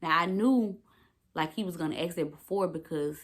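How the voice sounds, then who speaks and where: A woman in her twenties telling a casual, animated storytime vlog to the camera, swearing freely and calling out to her viewers. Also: on the low side, normal speed. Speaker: vlogger.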